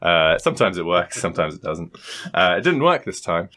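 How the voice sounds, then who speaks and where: Male co-host, low voice, bright tone, rambling and swearing in casual chat. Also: very animated, brisk. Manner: rambling storyteller, swears freely, laughs often. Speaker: podcast co-host.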